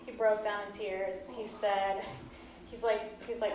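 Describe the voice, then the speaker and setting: A woman's voice: medium pitch, flat delivery, measured pace, darkish tone. A woman in her thirties, earnest and often laughing, telling a personal story to an audience. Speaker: speaker giving a talk. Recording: echoey hall from far off.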